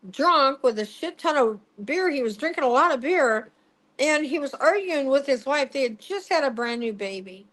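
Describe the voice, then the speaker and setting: Brief: middle-aged woman, slightly high voice, salty and animated storyteller in an interview. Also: rough recording. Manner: swearing, laughing, acting out quotes. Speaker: psychic medium guest.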